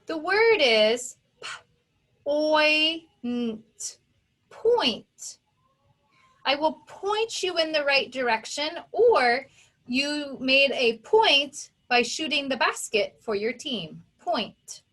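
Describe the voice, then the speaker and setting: A woman's voice: high voice, lively intonation, a bit bright. A woman teacher giving a recorded phonics lesson to children, talking them through each step with patient, careful pronunciation of each sound. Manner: patient, deliberate enunciation of sounds; gives step-by-step instructions to young pupils.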